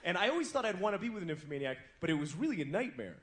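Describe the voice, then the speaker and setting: High, lively young comedian on stage. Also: male voice, rapid-fire. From United States. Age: 20s. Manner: crude, conversational storytelling with acted-out voices. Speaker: stand-up comedian. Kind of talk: stand-up comedy set. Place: comedy club stage before a live audience. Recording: noisy live club recording.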